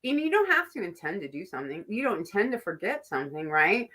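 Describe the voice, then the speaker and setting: Host, woman, lowish bright voice, chatty and animated, acts out the lines she quotes. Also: fast talker, slightly rough. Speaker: tarot podcast host. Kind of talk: casual chat.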